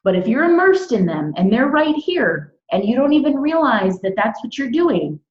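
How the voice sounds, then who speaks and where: A woman's voice: on the high side, very animated, normal speed. A woman teaching meditation in a live talk, emphatic and repeating her key phrases over a video call. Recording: echoey, dull lo-fi sound.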